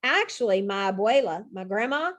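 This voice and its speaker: A woman's voice: mid-range voice, animated, moderate pace, a bit bright, natural voice. A woman voicing a friendly young girl who chats proudly about her grandmother's cooking, reading a storybook aloud.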